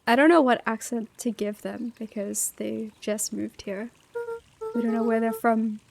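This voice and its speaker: A woman's voice: on the high side, steady tone, a little slow, gravelly, soft background music. A woman streamer chatting casually with giggly asides while reading a story live.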